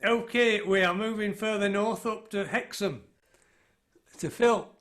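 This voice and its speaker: A man's voice: high voice, unhurried, fairly bright tone. A man hosting an online folk club, jokey and teasing. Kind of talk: casual chat hosting an online session. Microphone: video call.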